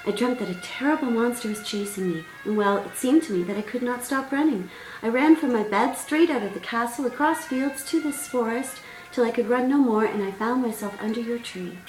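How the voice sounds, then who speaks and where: A woman's voice: fairly high pitch, a little fast, a little mellow, pitched above the performer's own voice, natural voice. A woman voicing a timid, earnest young princess who speaks politely. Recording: roomy sound, distant mic, faint music.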